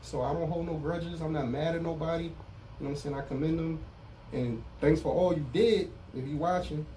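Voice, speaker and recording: A man's voice: fairly high pitch, fairly even intonation, a little fast, warm tone, far from the mic, a little hiss or hum, poor audio. A middle-aged man speaking candidly as an interview guest in street slang, often saying "you know what I'm saying". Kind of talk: casual interview about prison time.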